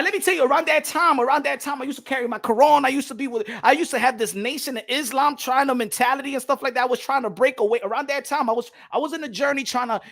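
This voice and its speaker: Guy telling a story, swings up loud then drops low, keeps repeating himself. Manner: emphatic, repeats phrases, acts out quotes loudly. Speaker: boxing podcast host. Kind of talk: animated storytelling.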